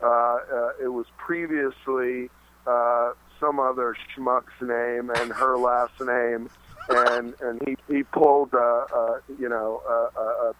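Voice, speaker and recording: A man being interviewed in casual chat, halting with many restarts and fillers, and swearing freely. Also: mid-range voice, little pitch movement, dull audio, slight background noise. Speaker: interview guest.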